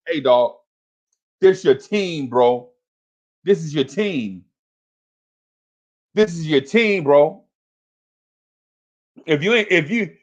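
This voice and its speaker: A man's voice: a little high, expressive, takes it slowly, pauses often, highs cut off. Hyped man hosting a fan livestream. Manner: hyped, repetitive, slangy, calling out to chat. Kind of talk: casual livestream chat.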